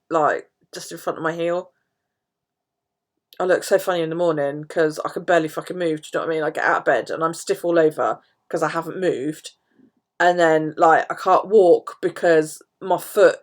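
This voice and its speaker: A woman's voice: sits low, vocal fry. A middle-aged woman chatting casually on a live stream, telling stories and swearing freely. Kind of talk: casual chat while journaling.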